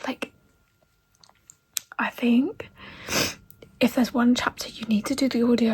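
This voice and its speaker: A woman vlogging about a book she is reading, tearful and crying, often dropping into breathy half-whispers and trailing off. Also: a little high, steady tone, takes it slowly, pauses often, a little mellow. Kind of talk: emotional reading vlog chat.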